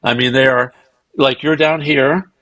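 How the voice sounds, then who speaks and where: A man as a podcast guest, telling animated anecdotes and acting out the dialogue of others, sometimes profane and self-mocking. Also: mid-range voice, unhurried, no echo, highs cut off. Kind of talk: casual storytelling interview.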